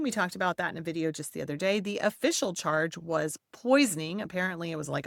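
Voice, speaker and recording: A woman's voice: lowish voice, a bit bright, dry recording, clean studio sound. A woman hosting a history podcast, reading a scripted narration with playful, theatrical emphasis and chatty asides.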